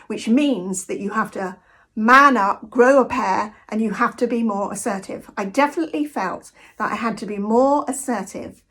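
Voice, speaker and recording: A woman's voice: a little high, normal speed, a bit bright. A British woman talking in a direct, conversational monologue, telling anecdotes from her own life. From Britain. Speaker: vlogger. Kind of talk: casual reflective monologue.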